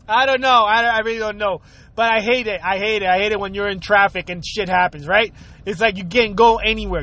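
Very high-pitched, bright and forceful, a man's voice carries a profane comedic rant from his car in traffic. As host of his own show, he swears often, laughs and keeps asking rhetorical questions.

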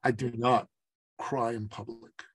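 Animated storytelling man, dry sound. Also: medium pitch, measured pace, husky, no room sound. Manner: lively storyteller who acts out quoted voices. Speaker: business coach, podcast guest. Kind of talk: storytelling in a podcast interview.

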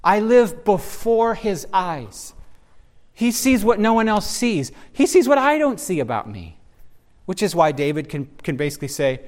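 A man's voice: sits high, very animated, measured pace. A man leading a conversational Bible discussion, speaking earnestly and searchingly, often restarting his sentences as he looks for words. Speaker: Bible teacher.

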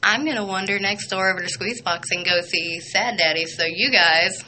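A young woman hosting a radio show, chatting excitedly and rambling with lots of fillers. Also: medium pitch, a little fast, a little hiss or hum, low-quality recording. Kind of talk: casual chatty radio intro.

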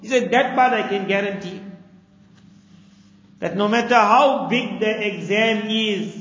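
A man's voice: high-pitched, measured pace, long pauses, a bit bright. Male preacher, storytelling sermon, repeats words for emphasis, roomy reverb. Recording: dull echoey hall recording.

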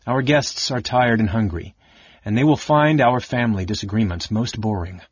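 A man voicing a mild, diplomatic male mage who speaks calmly. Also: fairly low pitch, moderate pace, husky, muffled recording. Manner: mild, calm.

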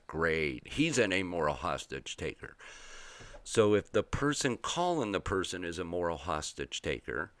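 A man with a very low voice delivers a ranting commentary, sarcastic and mocking in tone. The recording is close and dry, with little room sound. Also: fairly bright tone, clean tone, no room sound. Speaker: political commentary host.

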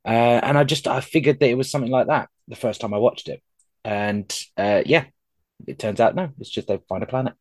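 A man's voice: medium pitch, fairly quick, no echo. Rambling man on a dry mic. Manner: rambling, self-deprecating, many ums and restarts. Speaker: podcast host. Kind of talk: casual podcast chat.

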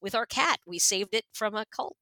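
A woman with a medium-pitched voice speaks at normal speed on a dry recording. She's a podcast co-host from Washington state, US, casually narrating a story with lots of fillers, animated as she acts out the voices in quotes.

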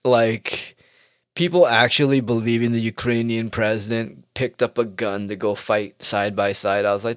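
A man's voice: lowish voice, fairly even intonation, moderate pace, clean tone, no room sound, clean studio sound. A young man in a comedic rant, sarcastic and profane, laughing often as he talks. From United States.

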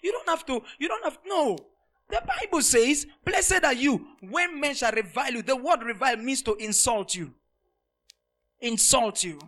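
A man preaches a sermon to his congregation, his voice sitting very high for a man. His tone is bright and forceful, and he repeats lines for emphasis. He jumps from loud, ringing shouts down to quiet, intimate asides. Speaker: pastor.

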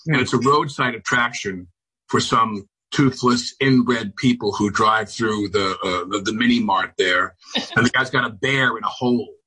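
A man on a video call from home, chatting as a talk show guest, halting and restarting often, with dry sardonic humor. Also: fairly low pitch, pushed and bright, breathy edge, low-quality recording. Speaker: celebrity guest. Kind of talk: casual interview chat. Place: home on Long Island.

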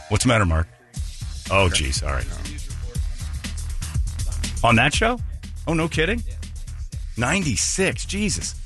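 Male morning-radio host, deeper voice, animated, jokey and quick to laugh; studio mic, faint music bed. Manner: joking, laughs often, breaks into impressions. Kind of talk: casual radio banter. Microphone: studio microphone.

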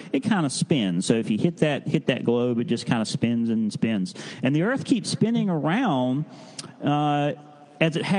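A man leading children's time in a church service, telling a Bible story in a folksy, halting way and coaxing the kids to call out answers. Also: mid-range voice, darkish tone. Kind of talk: children's sermon.

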